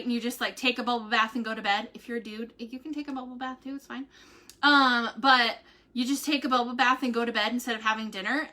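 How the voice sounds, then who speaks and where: A woman vlogger talks to viewers on a casual live stream from home. Her voice sits high and bright, and she chats in a bubbly, rambling way with lots of ums and likes. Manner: chatty and bubbly, full of fillers like "um" and "like".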